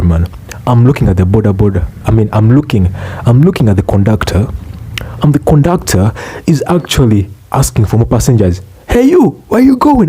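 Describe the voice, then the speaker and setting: A young man ranting in a profane, exasperated comic vlog, swearing and bursting out loudly. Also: medium pitch. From Uganda. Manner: exasperated, swearing, loud outbursts. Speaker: vlogger.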